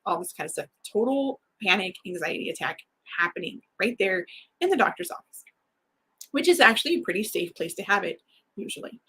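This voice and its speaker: A woman with a bright, sharp tone and a husky, breathy edge talks candidly to her livestream audience. She tells a personal story openly and with feeling, often breaking into laughter. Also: mid-range voice. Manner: frank and emotional, laughs often. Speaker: writer hosting a livestream.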